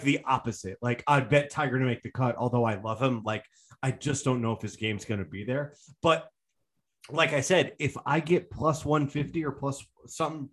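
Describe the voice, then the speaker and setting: A man with a mid-pitched voice co-hosts a casual podcast. His talk is sarcastic and profane, and he likes to tease. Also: breathy edge. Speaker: podcast co-host. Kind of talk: casual chat.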